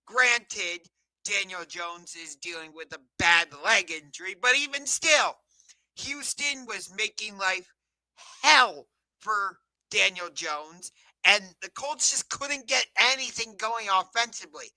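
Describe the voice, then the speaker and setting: A man from the Cleveland area hosting a live sports talk show, chatty and energetic, sometimes correcting himself mid-sentence. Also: sits high, slow pace, no echo, low-quality recording. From Cleveland area, USA.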